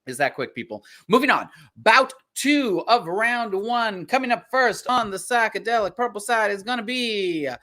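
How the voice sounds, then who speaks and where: A host running a virtual poetry slam over a video call, energetic and hyping up the audience. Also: medium pitch, normal speed, hardly any pauses. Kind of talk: live-stream hosting.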